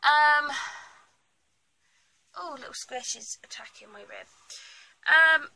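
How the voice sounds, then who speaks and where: Bright-voiced British woman ranting. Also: high-pitched, slow pace, vocal fry, rough recording. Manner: blunt, ranty and laughing. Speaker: vlogger. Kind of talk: casual pregnancy vlog chat.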